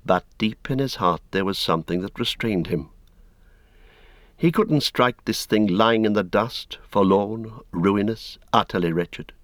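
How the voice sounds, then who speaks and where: A man reading a story aloud in measured, solemn narration. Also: sits low, no echo, clean studio sound. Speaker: audiobook narrator. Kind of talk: scripted narration.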